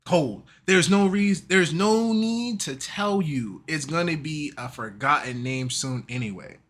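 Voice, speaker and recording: A man voicing a cold, dismissive female warrior in a casual retelling of a manga chapter, speaking in a flat, curt way. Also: on the high side, a little slow.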